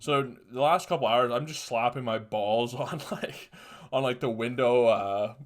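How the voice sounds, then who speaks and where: A young man hosting a podcast, telling a rambling, profane story in casual chat that turns loud and heated when he rants. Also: mid-range voice, measured pace. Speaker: podcast host.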